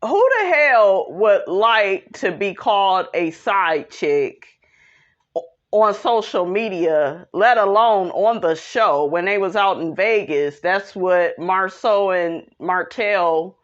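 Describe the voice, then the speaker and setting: A woman's voice: mid-range voice, highs cut off. Sassy woman recapping reality TV. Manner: sassy, opinionated, calls viewers "honey". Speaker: recap host. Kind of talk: casual TV recap commentary.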